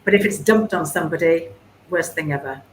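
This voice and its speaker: Lower-pitched woman business coach, chatty and animated, recorded in a roomy echoey space. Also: a little fast. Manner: chatty, animated, restarts often. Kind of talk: webinar panel answer. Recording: echoey room with faint noise.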